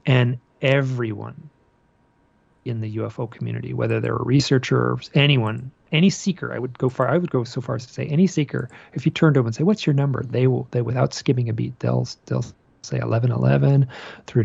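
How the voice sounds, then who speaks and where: Gravelly-voiced male guest, husky, dry and slightly dull remote audio, a rambling storyteller. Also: medium pitch, normal speed, dry recording. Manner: rambling, animated storyteller with many restarts. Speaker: guest author and researcher. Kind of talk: casual storytelling interview.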